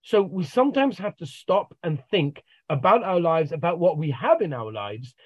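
Male life coach, slightly high voice, story-driven motivational talk, dull dry video-call sound. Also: very animated, normal speed, darkish tone, husky, dry recording. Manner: tells stories and acts out the dialogue.

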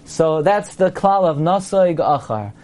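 A man with a fairly high voice teaches a class. He is playful and quizzing, and he sounds out his examples aloud as he goes. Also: animated, unhurried, a little mellow. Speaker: Torah teacher. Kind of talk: lecture to a class.

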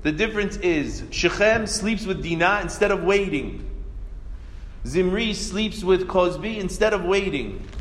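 A man's voice: sits high, lively intonation, unhurried. A man teaching a religious class, telling stories animatedly and asking rhetorical questions. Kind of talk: Torah class lecture. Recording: echoey hall reverb.

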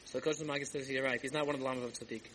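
A man's voice: medium pitch, racing, a little hiss or hum, low-quality recording. A man telling a Hasidic tale as a rabbi in a sermon, acting out the dialogue and dropping Yiddish and Hebrew words as he goes. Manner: animated storyteller, acts out dialogue, Yiddish-laced asides. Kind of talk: storytelling sermon. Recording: archival tape with faint background ambience.

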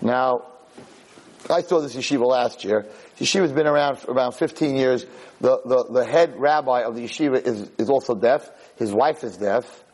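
A man's voice: mid-range voice, moderate pace, a little mellow, low-quality recording. A man teaching a sermon on the weekly Torah portion, telling the story animatedly and mixing in Hebrew terms. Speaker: rabbi lecturer.

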